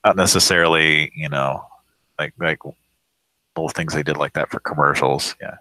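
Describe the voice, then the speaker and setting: A young man with a very low voice hosts a live prank call show. He rambles in loose, profane banter and breaks into laughter. The sound is close and dry. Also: fairly even intonation, normal speed, sharp tone, no echo, poor audio.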